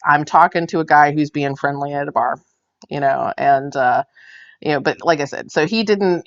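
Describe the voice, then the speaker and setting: A woman knitting vlogger telling a story in casual chat while she knits on camera. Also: sits low. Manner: chatty, tells anecdotes while knitting on camera. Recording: dull lo-fi sound.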